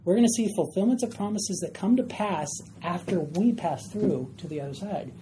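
A woman's voice: on the low side, expressive, moderate pace, dark tone, slight background noise. A woman teaching a Bible study class, emphatic and often questioning her group.

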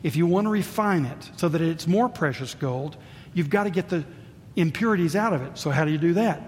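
An older man preaching a sermon as pastor, swinging between booming emphasis and hushed asides. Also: lively intonation, fairly quick. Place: church sanctuary. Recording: reverberant church hall, faint rumble.

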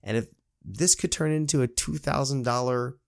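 A man runs a cleaning business and tells a personal story in a casual, animated way. He acts out the people in it and closes with encouragement. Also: mid-range voice, moderate pace, vocal fry. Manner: animated, quotes people in lively voices; encouraging, preachy at the end.

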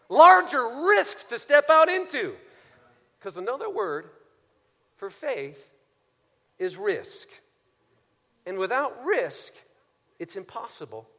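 High, bright-voiced preaching man. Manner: swings from soft and low to shouted exhortation. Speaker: pastor. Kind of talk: sermon. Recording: long hall reverb.

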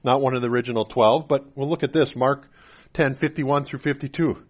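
A man preaching a sermon as pastor, moving from quiet, conversational storytelling to loud, impassioned preaching with repeated phrases. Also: medium pitch, steady tone, a little fast.

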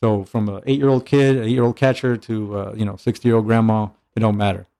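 Low-voiced animated man telling stories. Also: fairly quick, vocal fry. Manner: animated storyteller, acts out dialogue, swears casually. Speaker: guest, catching coach and trainer. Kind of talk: casual podcast chat.

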